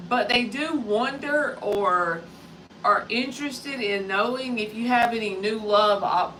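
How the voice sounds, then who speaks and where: Woman, 30s, casual live tarot reader, crisp bright tone, set back from the mic. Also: mid-range voice, measured pace, distant mic, a little hiss or hum, poor audio. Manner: chatty, greets viewers by name. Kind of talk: live-stream tarot reading.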